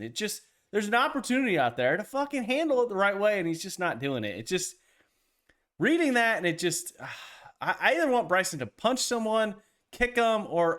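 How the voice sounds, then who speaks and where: Animated, swearing man ranting about golf. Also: high-pitched. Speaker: podcast co-host. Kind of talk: casual golf podcast chat.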